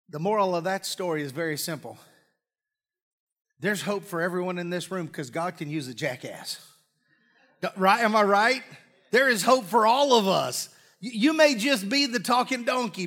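Man, pastor, folksy sermon, high voice, throat clearing, church mic. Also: a bit bright. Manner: folksy, joking asides, coughs and clears throat. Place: church sanctuary with congregation. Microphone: live-streamed stage mic.

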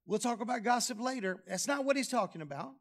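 A man preaching a sermon, lively and humorous, dropping low and soft on key phrases. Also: fast talker. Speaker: pastor. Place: church sanctuary.

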